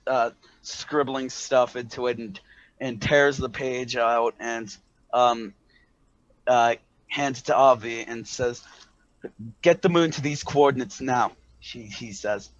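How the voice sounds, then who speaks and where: A man running a tabletop game as game master, narrating with halting fillers. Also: medium pitch, level tone, no room sound, dull audio. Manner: halting, many fillers and restarts.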